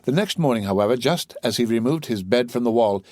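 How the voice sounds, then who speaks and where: A man narrating a classic novel as an audiobook with a steady, even reading. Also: mid-range voice, a little fast, dry recording, studio quality.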